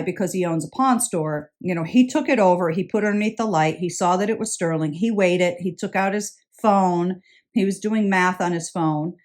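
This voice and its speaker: A woman's voice: on the low side, a little mellow. Woman, jewelry haul vlogger, chatty, gushing, casual show-and-tell. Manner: chatty, enthusiastic, self-interrupting with repeated words. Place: indoors, traveling.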